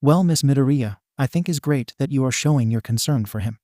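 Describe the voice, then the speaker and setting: A man's voice: mid-range voice, fairly quick, dark tone, no echo, clean studio sound, close to an everyday voice. A man voicing an earnest upbeat teen hero.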